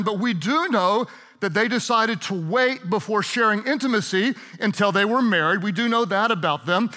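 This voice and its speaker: Bright high-voiced pastor man. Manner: playful, chatty, laughs often. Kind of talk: sermon storytelling.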